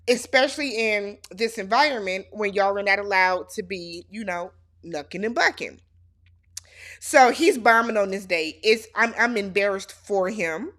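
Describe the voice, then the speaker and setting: A woman's voice: medium pitch, fairly bright tone. A woman hosting a casual reality show recap, sassy and speaking straight to the cast as if they could hear her.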